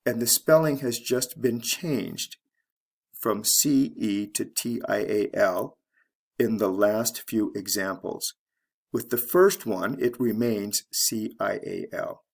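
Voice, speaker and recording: A man teaching English pronunciation, explaining word stress slowly and deliberately and spelling out letters one by one. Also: fairly low pitch, gravelly. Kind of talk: slow instructional explanation.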